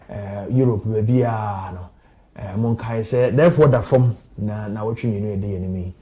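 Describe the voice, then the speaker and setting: Mellow-voiced man hosting a call-in show. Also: medium pitch. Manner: frequent murmured agreement. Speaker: talk show host. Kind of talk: studio talk show with call-ins. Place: TV studio.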